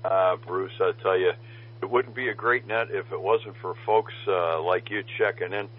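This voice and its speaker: A man's voice: sits low, fairly even intonation, normal speed. A man running a ham radio net as its control operator, chatting in a jokey, folksy way with radio lingo. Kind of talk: casual radio net chat. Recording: dull lo-fi radio audio with faint noise.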